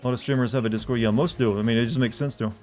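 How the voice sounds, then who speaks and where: A man's voice: mid-range voice, fairly even intonation, very fast, over music. A man streaming a game, chatting casually and rambling with frequent restarts and asides. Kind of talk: casual gameplay commentary.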